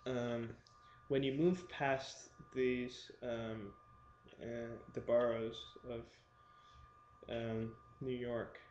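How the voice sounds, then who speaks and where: A man's voice: medium pitch, darkish tone, slight background noise. A man casually explaining things to his webcam, hesitant and full of ums and restarts. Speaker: vlogger. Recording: roomy, dull lo-fi webcam recording.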